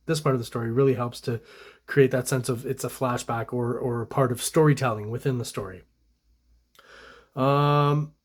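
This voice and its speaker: A Canadian man and comic artist giving relaxed, rambling commentary on comic art, with frequent fillers and restarts. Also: mid-range voice.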